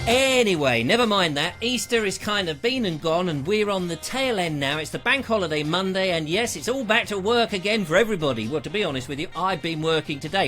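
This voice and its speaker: Man, live-stream host, high lively voice, jokey, theatrical, self-mocking. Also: a little fast, few pauses, soft background music. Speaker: host of a live online show. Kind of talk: casual live-stream chat.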